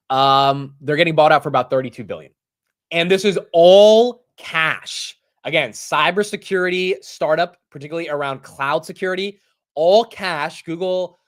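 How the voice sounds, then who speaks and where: A man's voice: on the high side, a bit bright. A young man hosting a live market show, chatting casually with viewers, greeting them by name and saying "dude" and "like" a lot. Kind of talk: casual livestream chat.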